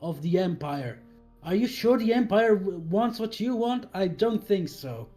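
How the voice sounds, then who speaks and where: A defiant male warrior, played by a man, who speaks slowly and deliberately in a mellow, slightly raised voice. His rhetorical appeals sit over faint background music. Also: high voice, lively intonation. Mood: rousing. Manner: slow, deliberate rhetorical speech.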